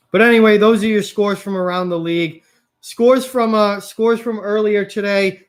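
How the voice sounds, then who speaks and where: A young man hosting a live hockey reaction stream, reading viewer comments aloud and talking frustratedly about his bad game predictions. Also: high-pitched. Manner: chatty, reads and answers viewer comments, frustrated about picks.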